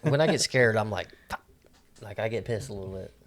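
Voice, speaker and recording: A man co-hosting a podcast, asking slow, searching questions and cracking jokes. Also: on the low side, animated. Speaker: podcast host. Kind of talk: casual podcast chat.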